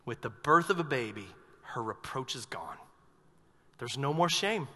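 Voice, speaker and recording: A man preaching a sermon as pastor in a church, telling the story with humor and lively energy. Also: mid-range voice, unhurried. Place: church sanctuary. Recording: reverberant hall.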